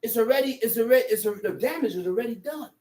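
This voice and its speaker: A high-voiced man preaching with fire, rising into shouts and circling back on the same phrases. His voice rings around an echoey room. He sounds set back from the mic. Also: animated, quick pace, recorded from a distance. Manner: shouts emphasis, repeats phrases, call-and-response. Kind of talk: fiery sermon teaching.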